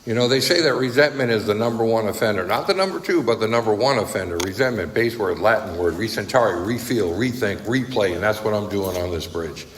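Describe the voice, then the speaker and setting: A man's voice: fairly low pitch, fairly quick, hardly any pauses. A man speaking at a recovery meeting, telling his story bluntly and conversationally, often checking in with "right?" and "okay?". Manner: conversational storytelling, frequent tag questions, blunt. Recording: echoey hall with faint noise.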